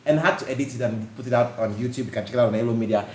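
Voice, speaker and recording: A man's voice: mid-range voice, rapid-fire. A man hosting a podcast, telling stories animatedly with frequent laughter. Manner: animated storytelling, laughs often. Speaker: podcast host. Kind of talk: casual podcast chat. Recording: echoey room with faint noise.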